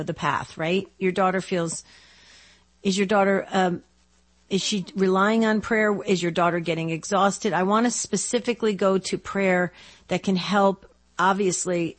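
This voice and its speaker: A woman hosting a Catholic call-in radio show, encouraging and gently probing as she talks with callers. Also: lowish voice, fairly even intonation, normal speed.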